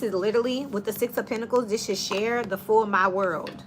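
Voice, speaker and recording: A woman's voice: mid-range voice, fairly quick, few pauses, background noise. A woman giving a casual tarot reading, talking in a chatty, direct, coaching way. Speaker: tarot reader.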